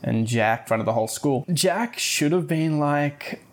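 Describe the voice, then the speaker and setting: A man's voice: a little high, expressive, normal speed. A man hosting a podcast, casually retelling a book's plot with wry asides. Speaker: podcast host. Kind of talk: casual book review podcast.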